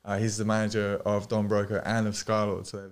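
A man's voice: on the low side, completely flat delivery, fast, clear, resonant tone. A man from the UK, a guest DJ, rambling through casual podcast stories with loose swearing and frequent laughter in a studio. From United Kingdom.

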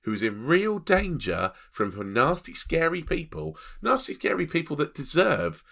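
A man's voice: fairly high pitch, sing-song, measured pace, gravelly, sharp tone. A man co-hosting a casual film review podcast, exclaiming and laughing often as he talks. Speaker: podcast co-host.

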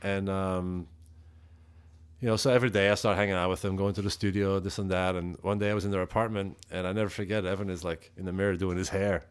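A man's voice: fairly even intonation, fast, smooth. A man from Europe, a metal musician, telling stories as a guest on a casual interview, swearing freely and acting out quoted lines. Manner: profane, laid-back, acts out quotes with rising pitch.

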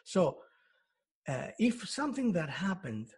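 A man with a husky, somewhat high voice talks through his work as a hypnotherapist. He builds each point from everyday examples and often restarts his sentences mid-thought. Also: sing-song, a little slow, darkish tone. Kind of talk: explanatory interview talk.

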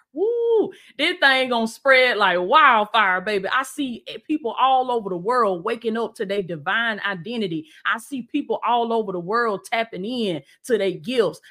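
A woman's voice: mid-range voice, fairly bright tone. Exuberant preacher woman streaming live. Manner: exuberant, repeats lines, calls viewers "baby". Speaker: life coach and preacher.

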